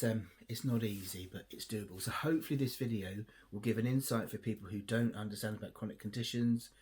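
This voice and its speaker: A man talking to camera in a casual vlog, quiet and measured. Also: on the low side, husky. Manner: baby talk to his dog, excited and loud. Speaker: vlogger.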